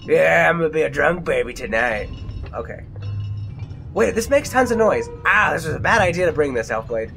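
A man's voice: a little high, very animated, normal speed, creaky, fairly bright tone, faint music behind. A young man playing a horror game, jumpy and exclaiming, often mocking himself. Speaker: let's play gamer.

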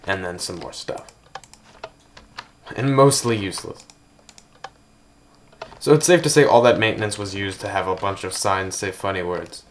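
A man with a very deep voice rambles through a casual tour of a game build, tossing out jokes and goofy asides as he goes. Faint keyboard clicks and typing sit under his voice. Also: normal speed, long pauses, a little hiss or hum. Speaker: gameplay video host.

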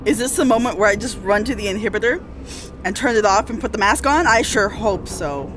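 A woman streaming a horror game, excitable and teary, shaky with nerves and yelping and laughing at each scare. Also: medium pitch, a little fast, noisy background. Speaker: gaming streamer. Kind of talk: horror game let's play commentary.

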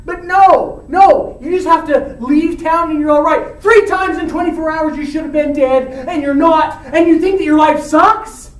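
A woman voicing an exasperated older male friar who lectures and scolds with urgency. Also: high voice. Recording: roomy, from far off.

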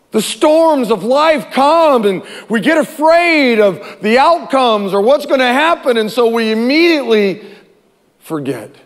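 Animated high-voiced pastor preaching. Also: male voice, in a large hall. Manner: animated storytelling with repeated phrases. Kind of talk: sermon.

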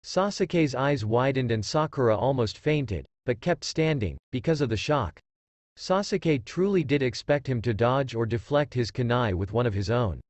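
Lively-voiced man narrating fan fiction. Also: mid-range voice, normal speed, no room sound. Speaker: story reader.

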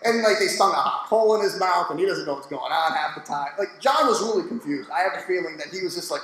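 A man on a church discussion panel, talking in a casual, animated, slangy and jokey way. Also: sits high, fast, few pauses. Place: church hall. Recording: echoey hall.

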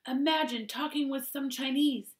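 A woman's voice: high-pitched, moderate pace, echoey room, voice pushed up, lightly acted. A woman voicing a prim, somewhat haughty young girl in a storybook reading.

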